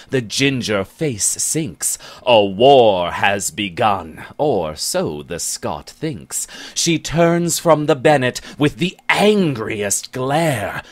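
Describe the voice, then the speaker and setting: A man narrating a comic rhyming ballad in a slow, storytelling way. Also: lowish voice.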